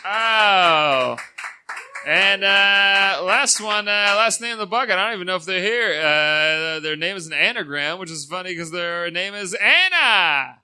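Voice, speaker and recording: A man's voice: sits high, a little slow, sharp tone. A man co-hosting a live comedy show, tossing in dry quips and wordplay.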